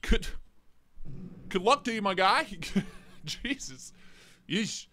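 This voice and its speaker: A man's voice: high voice, big pitch swings, slow, bright, forceful tone. A man hosting a casual morning livestream. He greets viewers by name, jokes and rambles. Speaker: livestream host.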